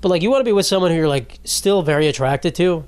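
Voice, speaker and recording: A man's voice: fairly high pitch, animated, fast, a little mellow, clean tone, no room sound. A man in his twenties hosting a casual solo podcast, rambling and joking with lots of profanity and "bro". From United States. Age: 20s. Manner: rambling, profane, jokey, trailing off with "bro" and "dude". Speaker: podcast host.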